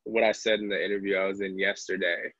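Man, host, low husky voice, casual filler-heavy talk, dry muffled audio. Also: flat delivery, quick pace, a bit bright, no room sound. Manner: conversational, lots of filler words and laughter. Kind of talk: casual panel discussion.

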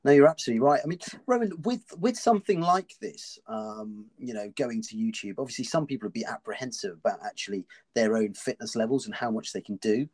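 A man's voice: mid-range voice, expressive, quick pace, few pauses, a little mellow. A man from the United Kingdom hosting a podcast, politely asking his guest questions with many um's. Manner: polite, frequent affirming "yeah". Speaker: podcast host. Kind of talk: interviewing a guest.

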